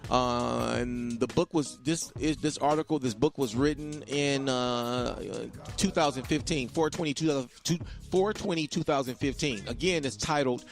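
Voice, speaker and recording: A man's voice: medium pitch, normal speed, hardly any pauses, soft background music. A man hosting a podcast, talking in an emphatic, repetitive monologue and preaching to his listeners. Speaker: podcast host. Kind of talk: casual monologue.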